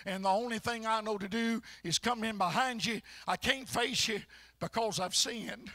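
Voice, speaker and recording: A man's voice: sits high, moderate pace, dry recording, studio quality. A man voicing an ashamed, weeping woman sinner. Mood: pleading. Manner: pleading, tearful, loud outbursts. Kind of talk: acted sermon illustration.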